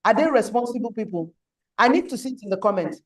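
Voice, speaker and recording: High-voiced emphatic woman teaching. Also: expressive, quick pace. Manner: earnest, emphatic, repeats key points. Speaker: bootcamp teacher for girls. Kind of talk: online class lecture.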